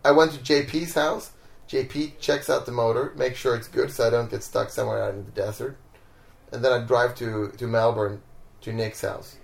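Gravelly relaxed Swedish man telling stories. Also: mid-range voice, normal speed, roomy sound. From Sweden. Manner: laid-back, laughs often, acts out people in his stories. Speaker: interviewee, street performer. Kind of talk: casual storytelling interview. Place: home, indoors.

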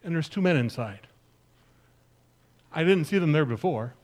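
An earnest woman disciple tells her own story to a congregation, as a male pastor puts her on in a first-person sermon. The voice sits slightly higher than usual for a man and carries emphatic, storytelling weight. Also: expressive, normal speed, a little mellow. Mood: sorrowful. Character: grieving then joyful woman disciple, earnest.

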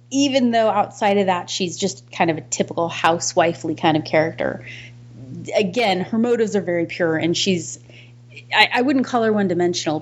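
A woman's voice: lowish voice, dull audio. A woman co-hosting a podcast in casual film discussion, thoughtful, restarting her sentences and laughing between points. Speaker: podcast co-host.

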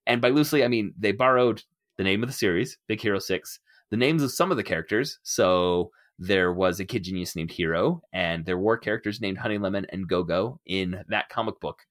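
A middle-aged man hosting a casual podcast discussion, animated and laughing often as he acts out quotes. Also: fairly low pitch, a little fast. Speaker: podcast host.

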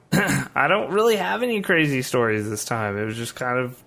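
A man's voice: medium pitch, moderate pace, fairly bright tone. A man on a podcast, chatting about his weekend in a laid-back, easygoing way. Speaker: podcast co-host. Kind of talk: casual chat.

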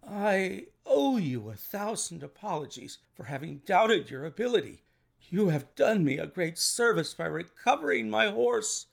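A man voicing an agitated older male colonel, a racehorse owner, in a storybook reading, talking in excited, indignant exclamations. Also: sits high, a little slow, creaky, pitched above the performer's own voice, heavily acted. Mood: effusive.

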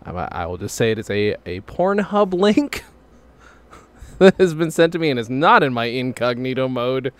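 A man's voice: medium pitch, brisk, smooth, dry recording. Podcast co-host, male, comic banter into a desk mic, voice that swings up and down a lot. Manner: joking, animated, laughs often. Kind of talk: casual comedic chat. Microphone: desk microphone.

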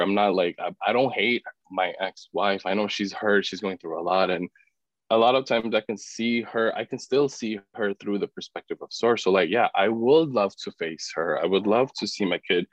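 On a dull, dry podcast recording, a fairly low-voiced male guest casually recounts something from his own life. His talk is heavy with fillers, "like" above all, and he voices other people's lines as he goes.

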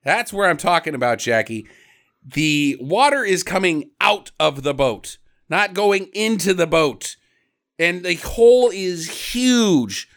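Animated high-voiced man recapping a movie. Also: slow pace. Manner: animated, jokey, mimics characters. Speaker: podcast co-host. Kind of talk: casual movie recap chat.

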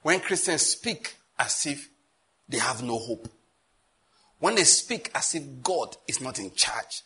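A man with a Nigerian accent preaching a sermon as pastor, animated and telling stories with asides. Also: mid-range voice, takes it slowly, slightly rough.

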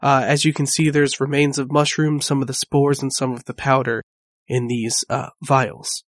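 A man's voice: mid-range voice, flat delivery, normal speed, dry recording, studio quality, natural voice. A man voicing a polite, formal male investigator who explains his findings precisely in a tabletop game. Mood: explaining.

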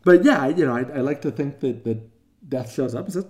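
An older man teaches a class with a mellow, warm voice. He rambles casually through stories, full of fillers, and slips into quoted voices. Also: medium pitch, expressive, brisk.

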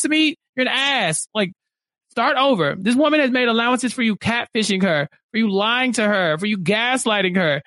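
Very high-voiced man ranting in exasperation. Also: animated, a little fast, fairly bright tone, no echo, studio quality. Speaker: podcast co-host. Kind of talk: casual reality-show recap chat. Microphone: video call.

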